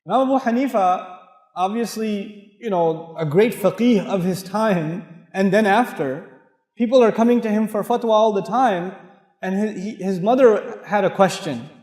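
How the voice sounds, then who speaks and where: A man giving an Islamic sermon with humorous stories and animated, acted-out asides. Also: high-pitched, moderate pace. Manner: animated, humorous, acts out quoted voices. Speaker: Islamic lecturer. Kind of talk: sermon with storytelling. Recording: echoey hall with long reverb.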